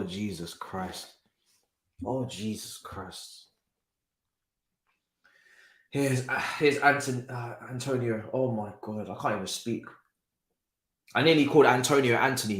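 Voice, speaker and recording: A man's voice: medium pitch, a bit bright, echoey room. A young man, hosting a live football watchalong, exclaiming and swearing as he reacts.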